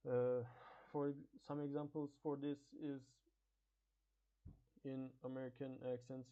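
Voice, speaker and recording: Man, first language Turkish, halting class presentation, fillers and restarts, flat delivery, tinny phone-like sound. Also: mid-range voice.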